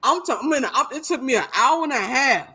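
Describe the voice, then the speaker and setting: High-voiced man telling a rowdy story. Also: quick pace, slightly rough. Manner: animated, profane, laughing storyteller. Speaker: podcast co-host. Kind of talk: casual storytelling chat.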